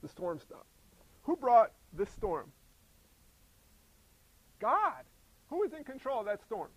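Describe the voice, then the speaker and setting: A man with a high voice preaching a sermon, animated and conversational, full of rhetorical questions. He slips into quoted voices as he goes. The sound is dry and close. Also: slow pace, no echo, low-quality recording. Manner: acts out quoted voices in character. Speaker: pastor.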